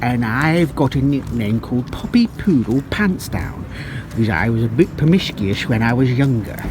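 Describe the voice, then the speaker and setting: A man voicing a cheeky female poodle in a slow, teasing way. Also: medium pitch, big pitch swings, background noise, natural voice.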